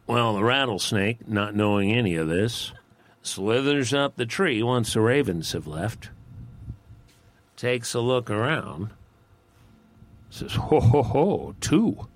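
Brief: a relaxed, folksy male storyteller, low and very slow. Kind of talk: folk tale narration.

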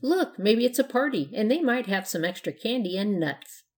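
A woman's voice: medium pitch, expressive, normal speed, a little mellow, voice pushed up, close to an everyday voice. A woman reading a storybook, voicing a polite, matter-of-fact little girl who is a witch.

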